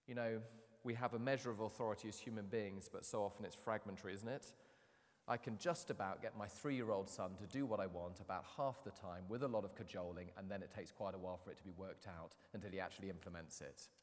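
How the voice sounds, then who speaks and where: A man in his thirties preaching a sermon, telling the story with animated, dramatic swings from loud to hushed. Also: fairly low pitch, fast talker. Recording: long hall reverb.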